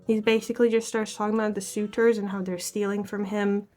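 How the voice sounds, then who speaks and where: A woman's voice: mid-range voice, completely flat delivery, brisk, few pauses, a little mellow. A woman vlogger casually summarizing a book, rambling and self-deprecating, laughing often as she talks. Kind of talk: casual chat.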